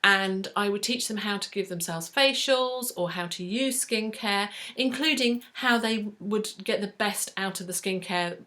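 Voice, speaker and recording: An Englishwoman in her forties from the South East chats to her viewers in a bright, clear voice. Her Southern English accent carries a slight northern inflection, and she talks effusively, full of fillers and restarts, in an easy book-vlog manner. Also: mid-range voice, unhurried, few pauses. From South East England. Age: 40s. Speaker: book vlogger. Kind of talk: casual chat to camera.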